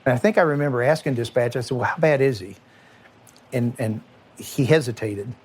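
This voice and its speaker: A middle-aged man, a former police chief from Kentucky, recalling events in an interview, plain-spoken and emotional, often halting and restarting. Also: mid-range voice, breathy edge. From Kentucky, USA. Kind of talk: interview recollection.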